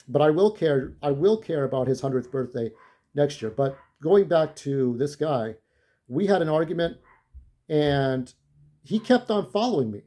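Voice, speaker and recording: A man's voice: a little high, warm tone. A shaken-up man telling an angry, profane story about a confrontation in a vlog. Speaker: vlogger. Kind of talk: ranting vlog monologue.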